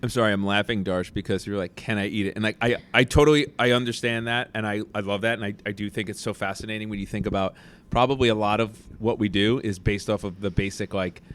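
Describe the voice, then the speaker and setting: A man's voice: on the low side, fast, a bit bright. A middle-aged man hosting a casual podcast chat who works as a teacher and acts out quoted thoughts in little voices.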